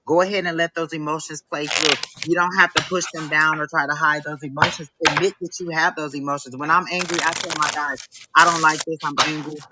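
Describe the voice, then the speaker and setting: A man's voice: on the high side, steady tone, a little fast, very noisy. A man giving a live psychic reading, emphatic and repetitive as he urges the listener on. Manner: emphatic, repetitive, preachy encouragement. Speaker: psychic reader.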